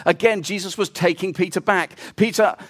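A man preaching a sermon, telling stories with lively, animated delivery and acting out quoted voices. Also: on the high side, normal speed. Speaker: pastor.

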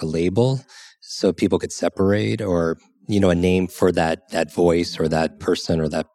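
A man's voice: low voice, darkish tone, no room sound. A man hosting an interview, asking thoughtful, somewhat hesitant questions. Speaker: host.

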